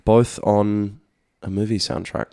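A man with a fairly low voice talks casually as a radio co-host. He is laid-back and slangy. The recording is dry and close. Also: little pitch movement, measured pace, darkish tone, clean tone, dry recording.

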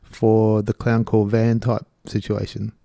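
A man in his fifties with a gravelly, dark voice, chatting loosely on community radio. He rambles into anecdotes and pokes fun at himself. The sound is close and dry, recorded in a radio studio. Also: fairly low pitch, monotone, slow pace, no room sound. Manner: rambling, self-mocking storyteller. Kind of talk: casual radio chat between songs.

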